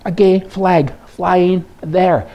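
A man's voice: high voice, fairly even intonation, drawn-out words, muffled recording. A man hosting an opinion commentary monologue, joking and rambling with lots of rhetorical questions. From Canada. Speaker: host.

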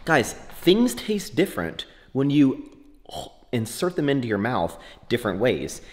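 A young man talking casually to camera in a vlog, joking and animated, swinging between loud excitement and low mutters. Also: measured pace, very noisy. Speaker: fitness vlogger.

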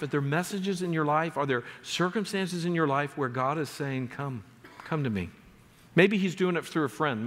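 A man pastor preaching a sermon in a church, reading scripture aloud with earnest emphasis. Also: medium pitch. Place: church sanctuary. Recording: long reverb of a church hall.

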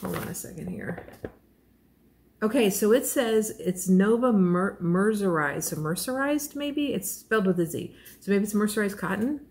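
A woman's voice: medium pitch, expressive, moderate pace, darkish tone. A woman vlogger chatting casually while unboxing a crochet kit, gushing and self-deprecating, rambling with fillers and small laughs.

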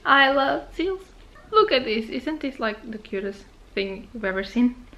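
A woman's voice: a little high, expressive, a little slow, a bit bright. A young woman chatting casually in a travel vlog, gushing over her souvenirs. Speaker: vlogger.

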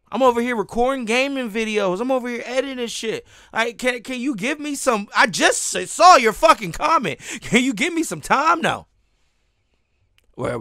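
An angry young man rants on camera as a commentary YouTuber, his voice sitting high and swinging wildly up and down. He swears freely and keeps breaking into laughs between lines, and the sound is close and dry with no room echo. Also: bright, forceful tone. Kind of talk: heated reaction rant.

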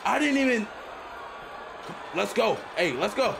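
A young man playing a video game and commentating excitedly, repeating himself and shouting at the screen. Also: high-pitched, measured pace, gravelly. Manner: loud, repetitive, often shouting at the game. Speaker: gaming YouTuber. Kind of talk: excited let's-play commentary. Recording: noisy game audio behind.

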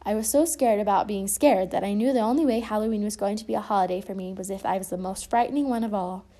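A woman voicing a small, timid male piglet who speaks in a soft little voice in a read-aloud storybook. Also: medium pitch, fast talker, lightly acted. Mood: shy.

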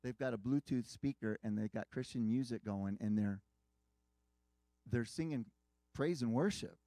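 A man's voice: mid-range voice, normal speed, creaky, warm tone, dry recording. A man preaching a sermon, earnestly retelling a dramatic story with quoted dialogue.

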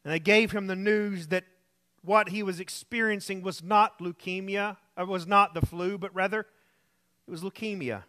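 A man preaching a sermon, telling a story and dropping to a soft voice for emphasis. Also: sits high, fairly even intonation, moderate pace. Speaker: pastor. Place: church.

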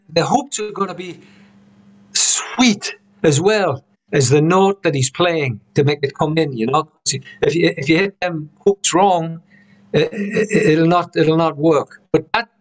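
A man with a somewhat high voice teaching harmonica over a video call. He talks in a loose, rambling way, restarting phrases and tagging on "you know". The sound comes through a home computer mic. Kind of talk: casual online lesson.

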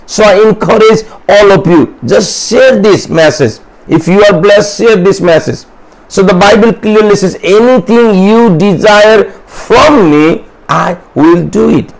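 A man's voice: high-pitched, gravelly, low-quality recording. A man pastor preaching a fervent sermon in English, with much repetition and rising intensity.

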